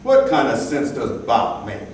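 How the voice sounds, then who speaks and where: Man playing a low, grumbling skeptic; dismissive, heard from afar in an echoey room. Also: huge pitch swings, unhurried, slight background noise. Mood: scoffing. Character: skeptical man, friend unmoved by bebop. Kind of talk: live storytelling. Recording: echoey room, distant mic.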